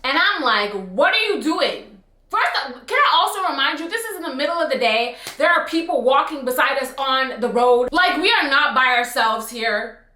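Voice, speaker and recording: A young woman tells a story in a high, bright voice, slangy and expressive. She is recorded in a room with a noticeable echo. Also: normal speed. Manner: animated, expressive, slangy retelling. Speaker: storytime vlogger. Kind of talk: casual storytime. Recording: roomy echo.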